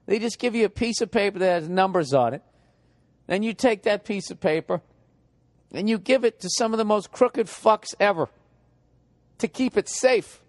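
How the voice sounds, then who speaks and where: A middle-aged stand-up comedian with a Boston accent rants in a profane, exasperated way. His voice sits a little high for a man. The sound is close and dry, with almost no room around it. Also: no room sound.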